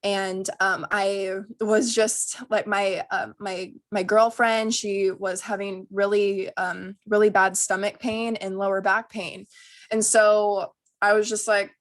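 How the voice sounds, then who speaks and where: A young woman talks casually as a guest, her voice sitting at an ordinary pitch. She tells her story in a loose, chatty way, full of ums and soft laughter. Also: flat delivery, slow. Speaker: guest, energy healer.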